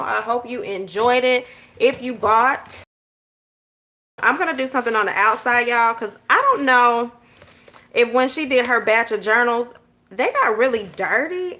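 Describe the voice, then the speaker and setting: A woman's voice: on the high side, pushed and bright. A woman from Georgia with a Southern accent, hosting a casual journal-with-me tutorial and chatting straight to her viewers. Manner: chatty, talks straight to viewers with frequent "y'all" and "okay?". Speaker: journaling channel host.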